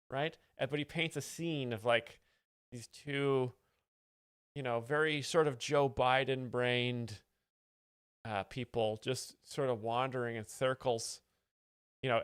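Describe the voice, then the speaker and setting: A man's voice: medium pitch, measured pace, smooth, no echo. A young man hosting a comedy show, explaining jokes in a dry, mock-earnest way. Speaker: joke explainer host. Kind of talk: deadpan comedic commentary.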